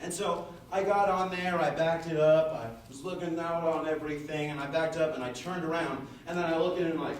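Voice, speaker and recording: A man's voice: on the high side, normal speed, crowd noise. Give me a young male student presenting casually, heard from far off in a roomy classroom. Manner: casual storytelling, frequent "like" fillers. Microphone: far room mic.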